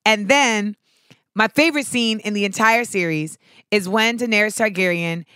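A woman chatting casually and animatedly, swearing freely and acting out quotes with sudden shouts. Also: medium pitch, moderate pace, clean tone, no room sound, clean studio sound. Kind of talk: casual chat about a TV show.

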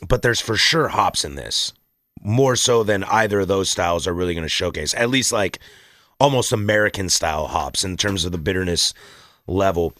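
A man co-hosting a podcast, joking and animated, often searching for words. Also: deep voice, moderate pace, no echo, studio quality. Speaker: podcast co-host. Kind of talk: casual chat.

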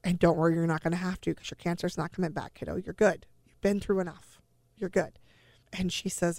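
Woman with a gravelly voice telling a family story. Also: lowish voice, steady tone, fairly quick, darkish tone, no echo. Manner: emotional retelling with acted-out quoted dialogue. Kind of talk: personal storytelling.

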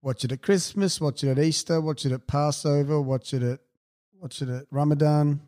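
A man co-hosting a podcast, making dry, deadpan jokes while reviewing a movie. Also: on the high side, normal speed. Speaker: podcast co-host. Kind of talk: casual movie review chat.

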